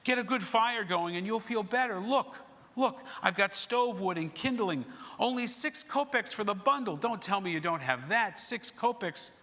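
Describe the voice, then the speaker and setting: A boisterous, crude-talking woodcutter hawks his firewood, as a man reading a story aloud puts him on. The voice sits high and bright, and it rings through a long-echoing sanctuary. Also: lively intonation, normal speed, heavily acted. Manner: boisterous, coaxing, loud. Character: hearty crude male woodcutter, rabbi in disguise. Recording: reverberant sanctuary recording.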